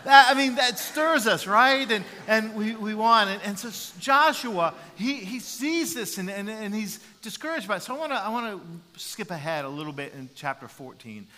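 Animated pastor preaching in a reverberant hall. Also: male voice, high voice, moderate pace, hardly any pauses. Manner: animated, acts out quotes, repeats words. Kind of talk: sermon. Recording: long reverb in a large hall.

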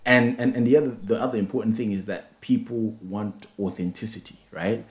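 Rambling young man, low voice. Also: steady tone, fairly quick. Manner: loose, rambling, many fillers and restarts. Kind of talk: casual chat.

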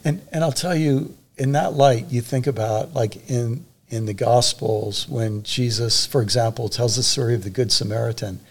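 Gravelly older man telling stories. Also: medium pitch, moderate pace, hardly any pauses. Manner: earnest, anecdotal, many fillers and restarts. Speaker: author and public theologian, guest. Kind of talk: reflective interview storytelling.

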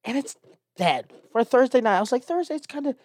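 A man, a stand-up comedian, telling a casual, animated story and acting out the people in it. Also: very high-pitched, quick pace, no echo. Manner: animated, acts out quoted voices.

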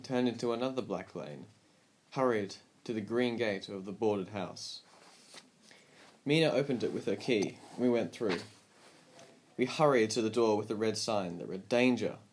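A man reading a story aloud as an audiobook narrator, with calm, measured storytelling. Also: fairly low pitch.

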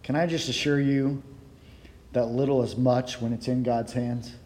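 A man preaching a sermon from the pulpit, excitable and storytelling, his words sometimes running together when he gets fired up. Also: medium pitch, normal speed. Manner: storytelling with playful voiced quotes. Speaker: pastor. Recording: long hall reverb.

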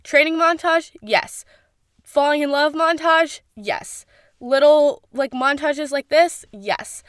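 A young woman with a high voice reviews a series slowly but in a gushing, animated way, saying "like" constantly and swearing casually. The recording is dry and studio quality.

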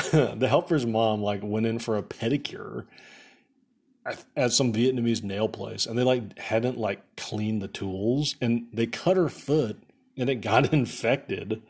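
In a casual podcast chat, a young male host rambles through stories, says "like" constantly, and laughs at his own jokes. His voice is medium-pitched, darkish, and slightly rough, and he takes his time, in the manner of a storytelling rant.

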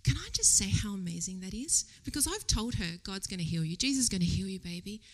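A woman giving a casual church sermon. She tells a personal story in a chatty, animated way, laughs often and drops to a whisper for quoted thoughts. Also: medium pitch, quick pace. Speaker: lay preacher. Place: church service before a congregation.

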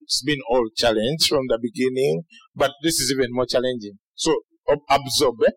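A man preaching a sermon to a large congregation, animated, with shouted peaks and acted-out quotes. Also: medium pitch, normal speed, slightly rough, poor audio. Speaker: pastor.

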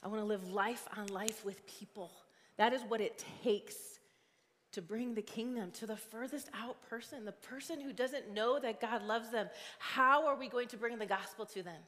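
A woman's voice: fairly high pitch, normal speed, fairly bright tone. A woman in her forties preaching a sermon as a guest speaker. She is conversational and earnest, with plenty of fillers. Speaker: guest preacher and youth ministry leader. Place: church sanctuary. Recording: long hall reverb.

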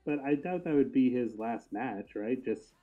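A man's voice: medium pitch, lively intonation, unhurried, narrow, tinny audio, faint music behind. A man co-hosting a casual wrestling podcast, joking around, laughing often and swearing casually over a remote call. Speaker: podcast co-host.

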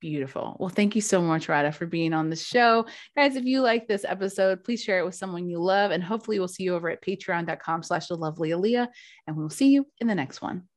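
A woman's voice: fairly low pitch, fast talker. Affirming woman podcast host. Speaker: podcast host, energy coach. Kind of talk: podcast hosting.

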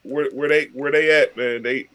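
A man's voice: mid-range voice, fairly even intonation, moderate pace, fairly bright tone, clear, resonant tone. A man on a podcast making wry, joking comments in casual chat. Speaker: podcast co-host.

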